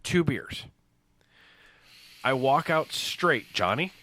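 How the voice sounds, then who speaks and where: A man's voice: mid-range voice, lively intonation, takes it slowly, sharp tone, no room sound. A man hosting a podcast, telling rowdy stories in casual chat. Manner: rowdy storytelling with laughs. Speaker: podcast host.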